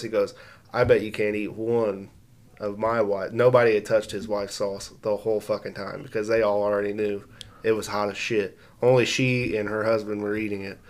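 A man co-hosting a casual podcast, telling crude stories and laughing often. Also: fairly low pitch. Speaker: podcast co-host. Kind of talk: casual chat.

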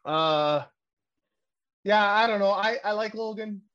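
Profane, excitable podcast host, lo-fi. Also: male voice, high-pitched, slow pace. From Canada. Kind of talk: casual wrestling podcast chat.

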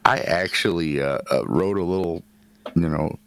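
A man's voice: low voice, moderate pace, vocal fry, no echo. A man co-hosting a crude, casual live chat, blunt and full of swearing. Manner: blunt, profane, deadpan swearing.

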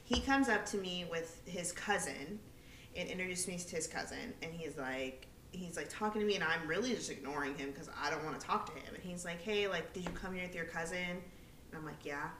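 A young woman with a low, bright voice tells a story on a podcast, casual and animated, acting out the people in it and swearing freely. She sits a little back from the mic in an echoey room. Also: fairly quick, distant mic, a little hiss or hum. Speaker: podcast co-host.

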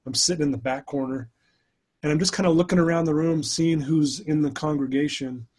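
A man's voice: a little high, steady tone, fairly quick, darkish tone, slightly rough. A middle-aged man, a podcast guest, telling a personal story in an earnest, emotional way, often restarting his sentences.

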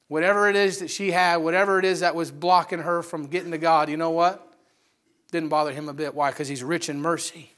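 A male preacher telling a story in a sermon at church, building to fervent, near-shouted passages. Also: fairly high pitch, steady tone, fast.

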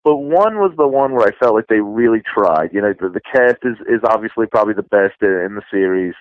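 A man in his thirties, co-hosting a podcast, talking in a relaxed, meandering way with many restarts. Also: fairly low pitch, brisk, dry recording, highs cut off. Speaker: podcast co-host. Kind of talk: casual chat.

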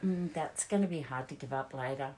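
A woman hosting a casual chat, talking in a relaxed, reflective way and asking questions. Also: a bass voice, fairly quick, slight background noise.

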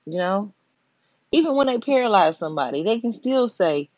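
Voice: medium pitch, very animated, normal speed, darkish tone, no room sound. A person giving a blunt, profane commentary rant straight to listeners, speaking emphatically and often asking "you know what I'm saying". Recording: dull, lo-fi, dry audio.

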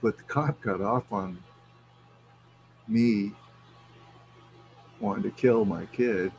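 Middle-aged man, raspy, swears freely, animated casual storyteller. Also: lowish voice, takes it slowly, muffled recording, faint music behind. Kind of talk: casual chat.

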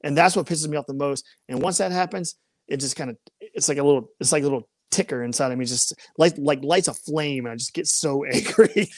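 A man in casual chat, telling animated stories, laughing often and acting out other people's voices. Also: on the high side, brisk, no room sound, studio quality.

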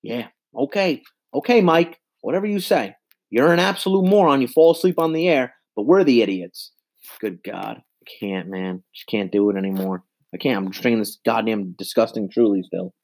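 A man in his twenties rants about his football team into a handheld mic, exasperated and profane. He loops back over the same complaints, and his voice sits at an ordinary middle pitch. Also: expressive, normal speed, darkish tone. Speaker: sports fan vlogger. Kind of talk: angry sports rant.

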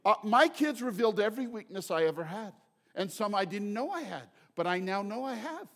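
Middle-aged guy preaching, high voice, jokey and chatty, long echo from a big church hall. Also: big pitch swings, fairly quick, fairly bright tone. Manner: joking, conversational preaching with repeated phrases. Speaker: pastor. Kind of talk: sermon.

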